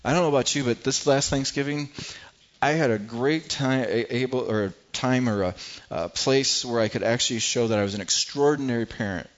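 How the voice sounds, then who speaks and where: A man's voice: medium pitch, a little fast, muffled recording. A middle-aged man preaching a sermon as pastor, earnest and prone to repeating words as he builds his points.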